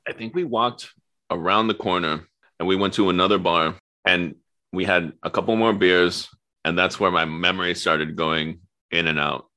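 Very low-pitched bright-toned man. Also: steady tone, normal speed. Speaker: podcast co-host. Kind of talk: casual storytelling chat.

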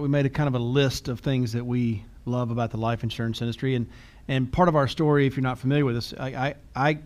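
A middle-aged man co-hosts a podcast, chatting casually and laughing often as he tells stories at his own expense. His voice is medium in pitch with a darkish tone.

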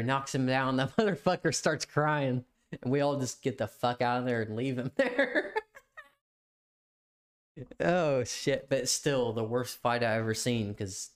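Give me a young man hosting a podcast, rambling and laughing as he tells a story. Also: mid-range voice. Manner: rambling, swears a lot, laughs often. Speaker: podcast co-host. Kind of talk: casual chat.

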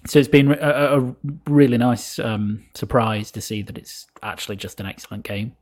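A man co-hosting a casual game chat, hesitant with many ums and trailing off quietly. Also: mid-range voice, moderate pace. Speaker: podcast co-host.

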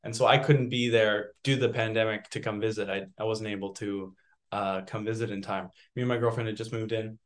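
A man from Canada, an actor, chatting in an interview in a soft, hesitant way with many restarts. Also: fairly low pitch, flat delivery, brisk. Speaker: actor guest. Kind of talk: casual interview chat.

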